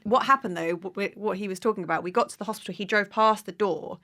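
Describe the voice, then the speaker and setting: A woman's voice: medium pitch, fast talker, sharp tone. A woman in her thirties, a doctor, chatting as a podcast guest in a self-mocking way and laughing easily. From West Country of England. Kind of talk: casual chat.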